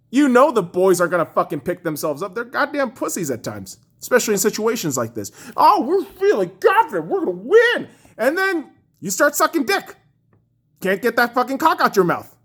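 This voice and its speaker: Furious profane man ranting about hockey. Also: normal speed. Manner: lively pitch swinging from shouts to low mutters. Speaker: podcast host. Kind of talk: angry sports rant.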